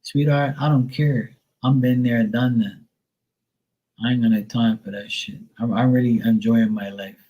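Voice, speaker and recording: A man's voice: medium pitch, steady tone, normal speed, dull audio. Middle-aged male streamer, casual profane storyteller, heavy on fillers. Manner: mimics others in a raised voice. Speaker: live stream host.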